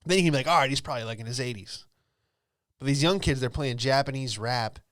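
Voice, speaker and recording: Talking fast in a medium, slightly bright voice, this young comedian and podcast host casually riffs through a solo monologue. It's a rambling, filler-heavy delivery, captured in a dry studio-quality recording.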